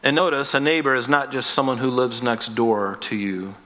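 A man's voice: medium pitch, fairly even intonation, normal speed, pushed and bright. A man preaching a sermon as pastor, earnest and conversational, acting out little voices as he tells the story. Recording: long reverb of a hall.

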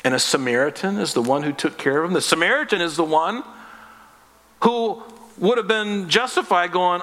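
This man's voice sits high with a fairly bright tone and moderate pace as he preaches a sermon, long hall reverb trailing each line. As pastor he's earnest and conversational, slipping into little voices for the story.

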